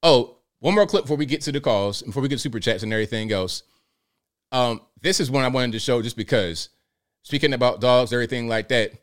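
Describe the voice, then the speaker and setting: A man's voice: medium pitch, quick pace. A man hosting a live call-in stream in casual, joking commentary, slangy and talking straight to his viewers. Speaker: show host.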